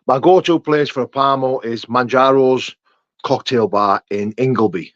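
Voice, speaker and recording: Answering questions from his live chat, a young host reads viewer names aloud and greets them like mates. He speaks in a mid-range voice at a moderate pace, captured in a dry, dull-sounding, muffled recording.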